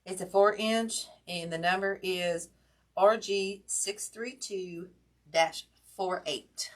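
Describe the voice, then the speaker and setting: A woman's voice: mid-range voice, slow. A woman, chatting casually to viewers while demonstrating a craft project live. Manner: chatty, talks to viewers directly, self-deprecating. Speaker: wreath-making class host.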